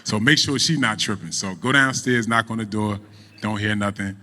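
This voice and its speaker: A middle-aged man, a guest on a podcast, telling a story in a relaxed, animated way and running a business. He falls into casual speech. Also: lowish voice, moderate pace, long reverb tail. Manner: animated storyteller, acts out quoted voices. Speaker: podcast guest, cannabis entrepreneur.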